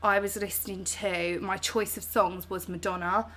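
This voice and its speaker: A woman's voice: mid-range voice, level tone, moderate pace, a bit bright. A chatty woman with a British English accent, hosting a home livestream and answering viewer comments in a bubbly, slangy way. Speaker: host. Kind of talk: casual chat reading viewer comments on a livestream.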